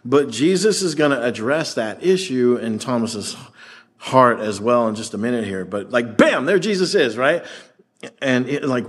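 Man, pastor, sermon, animated, conversational, acts out scripture voices. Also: medium pitch, moderate pace, husky.

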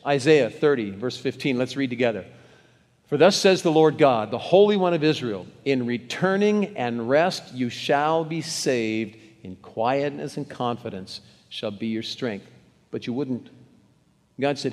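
A man's voice: mid-range voice, normal speed, a little mellow. A man preaching a sermon, reading scripture aloud and urging the congregation to read along. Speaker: pastor. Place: church sanctuary. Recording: long hall reverb.

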